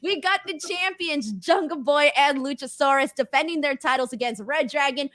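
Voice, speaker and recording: A woman's voice: high-pitched, moderate pace, fairly bright tone, no room sound, clean studio sound. A woman hosting a casual live stream, chatty and upbeat, laughing easily. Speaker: host.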